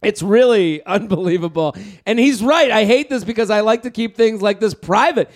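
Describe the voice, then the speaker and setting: A man hosting a podcast in casual comedic chat, animated and jokey, swearing freely and breaking into loud bits. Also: high-pitched, normal speed, soft background music. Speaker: podcast host.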